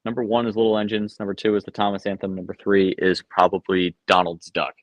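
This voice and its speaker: A young man hosts a live stream from a basement room at home, reading questions from chat and answering offhand with lots of ums and uhs. His voice is fairly low, flat and quick, with no room sound, and the recording has a dull lo-fi quality.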